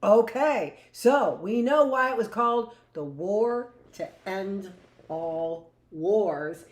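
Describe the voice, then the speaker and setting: Slow-talking woman teacher, echoey room. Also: mid-range voice, lively intonation. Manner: asks questions and answers for imagined students; chatty, jokey asides. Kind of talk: live online history lesson.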